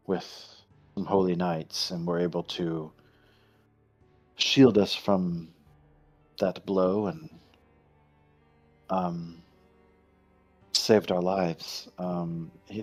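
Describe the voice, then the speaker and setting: A man voicing a solemn monster hunter who reports in a halting, earnest way in a tabletop game. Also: deep voice, darkish tone.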